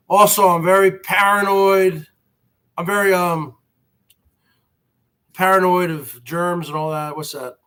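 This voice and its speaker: A man's voice: high-pitched, a bit bright. A man hosting a basement livestream, rambling and complaining with profanity and frequent restarts. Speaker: livestream host. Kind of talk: casual rambling livestream monologue.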